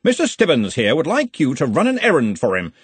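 A booming, jovial old wizard chief, put on by a male audiobook narrator. He barks orders cheerfully, his voice leaping up and down, with a husky edge, close and dry. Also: huge pitch swings, brisk, no room sound, full character voice. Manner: loud, jovial, commanding.

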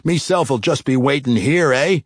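A man's voice: mid-range voice, unhurried, no room sound, studio quality, voice pushed up, lightly acted. A man doing a surly dwarf jailer. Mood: gruff grumbling. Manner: clipped rough dialect speech. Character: gruff male dwarf jailer, lazy and surly.

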